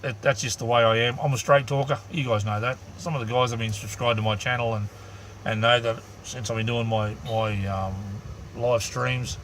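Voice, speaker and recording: A man's voice: mid-range voice, fairly even intonation, moderate pace, a bit bright, slight background noise. An Australian man chatting bluntly and loosely on a live stream to his viewers, with lots of ums and restarts. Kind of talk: casual live-stream chat.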